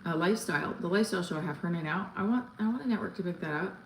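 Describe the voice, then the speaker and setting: Chatty low-voiced woman livestreaming from home. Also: very fast. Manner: rambling, chatty, many fillers and restarts. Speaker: comedian livestream host. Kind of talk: casual livestream chat. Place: home room. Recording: echoey room with faint ambient noise.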